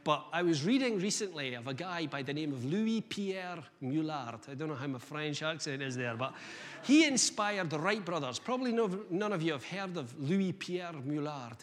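A man delivers an energetic sermon in a slightly higher voice. He talks conversationally, asking rhetorical questions. His words trail off into the long reverb of a hall. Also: normal speed. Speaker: guest preacher.

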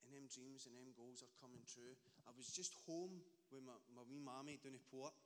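A man's voice: medium pitch, steady tone, moderate pace, hardly any pauses. A young Scottish man giving a fervent personal faith testimony, emphatic and prone to stammered restarts. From Scotland. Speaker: ministry support worker giving testimony. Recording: long reverb in a large hall.

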